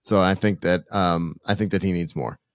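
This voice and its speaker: A man co-hosting a podcast, talking earnestly in a halting way with many restarts. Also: low-pitched, fairly even intonation, dry recording, clean studio sound. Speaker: podcast co-host. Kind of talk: casual podcast chat.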